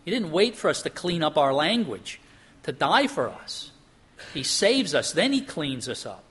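A middle-aged pastor delivers a sermon in a clear, bright voice that sits a little high for a man. He talks earnestly, pushing up in pitch for emphasis and sinking to a hush on solemn points. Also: sing-song, a little slow, slight background noise.

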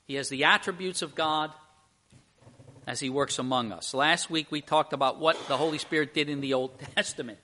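A middle-aged man preaching a sermon, telling a story with lively, rising emphasis. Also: fairly high pitch.

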